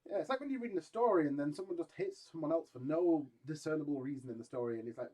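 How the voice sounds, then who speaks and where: A man's voice: fairly high pitch, very fast, mellow, recorded from a distance, rough recording. A man chatting casually as a podcast co-host, joking and reading scripture aloud. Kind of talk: casual chat and Bible reading.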